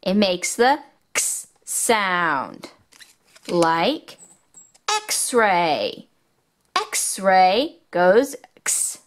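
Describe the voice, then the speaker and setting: A woman hosting a children's toy video, slowly sounding out letters and words in a sing-song, excitable teaching manner. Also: mid-range voice, a little hiss or hum. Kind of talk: children's educational toy demo.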